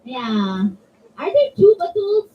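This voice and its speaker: A woman's voice: sits high, slow, recorded from a distance, lo-fi sound, noisy background. A woman giving an interactive religious talk to children, acting out her examples. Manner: animated, acts out examples in voices. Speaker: children's religious class speaker. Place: religious center hall.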